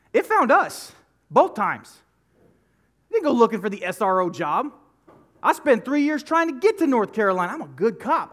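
Animated high-voiced preacher. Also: male voice. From United States. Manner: animated, conversational storytelling with emphatic repetition. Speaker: pastor. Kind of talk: sermon. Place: church sanctuary.

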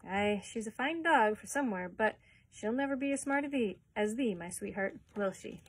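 A woman's voice: mid-range voice, expressive, moderate pace, slight background noise, natural voice. A woman reading aloud, voicing a jolly male traveling peddler with a sing-song, folksy patter.

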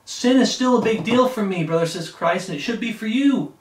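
A man's voice: high voice, quick pace, hardly any pauses, reverberant, distant mic. A man preaching a sermon in a fervent way, climbing into emphatic bursts as he presses his points.

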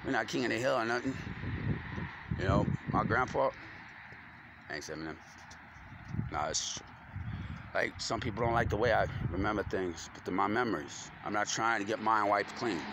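A man's voice: on the low side, moderate pace, long pauses. A man rambling in a loose, slangy monologue, cursing freely as his thoughts wander. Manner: loose, slangy, stream-of-consciousness talk with cursing. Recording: loud street noise with passing vehicles.

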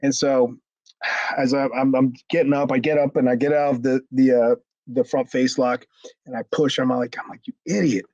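A man, a former wrestler, telling a story in a casual interview, animated and profane, acting out what others said. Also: mid-range voice, normal speed, no room sound, dull audio. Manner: animated, acts out quotes with raised voice, frequent restarts and swearing.

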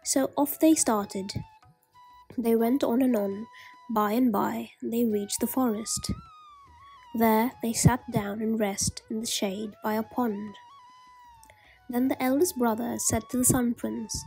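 A woman narrating a storybook tale, reading aloud slowly and gently. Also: fairly high pitch, sing-song, breathy edge, soft background music. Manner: slow, gentle read-aloud.

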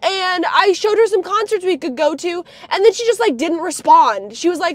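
A woman's voice: very high-pitched, lively intonation, normal speed, few pauses, dry recording. A young woman livestreamer ranting bitterly, full of profanity and heated outbursts. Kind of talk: livestream rant.

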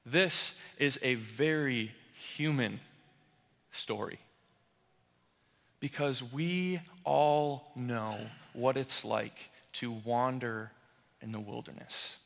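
A young man preaching a sermon in a church, slow and dramatic, crying out the voices of a desperate crowd. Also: medium pitch, gravelly, a bit bright. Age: young adult. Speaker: pastoral resident. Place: church sanctuary. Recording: long church reverb.

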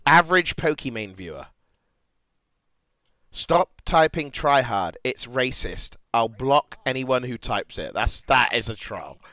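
Young British male streamer, crude and animated reaction chat, slow-paced, dry close mic. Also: medium pitch, no echo. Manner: crude, animated, laughs loudly, mutters reading aloud. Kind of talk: casual livestream reaction chat.

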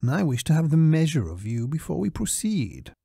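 A man voicing a cool, precise private spy who speaks in a courteous, measured way. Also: on the high side, sing-song, vocal fry, dark tone, slightly rough, no echo, studio quality, pitched above the performer's own voice, full character voice.

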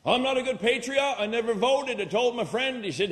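Vermont guy doing standup, folksy drawl, higher voice, big hall echo. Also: brisk, few pauses, fairly bright tone. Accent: rural Vermont. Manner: folksy, drawling, rural grammar. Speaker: stand-up comedian. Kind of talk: live stand-up comedy. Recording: live hall with long reverb.

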